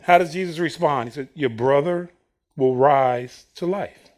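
A man's voice: on the high side, measured pace. A man preaching a sermon, acting out the Bible characters' words with bursts of laughter. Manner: animated, acts out Bible quotes with laughter.

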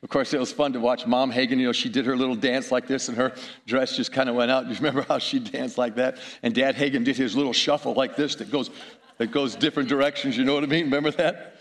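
A man's voice: mid-range voice, steady tone, quick pace. A middle-aged man preaching a sermon, telling stories with chuckles and asides to the audience.

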